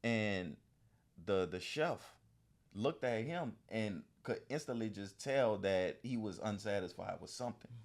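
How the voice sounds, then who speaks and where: A man with a New Orleans accent and a low voice talks in a relaxed podcast conversation. He sounds thoughtful most of the time and picks up energy when he tells a story. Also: measured pace. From New Orleans, Louisiana. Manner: reflective, animated when telling stories. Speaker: podcast guest. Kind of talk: casual conversation.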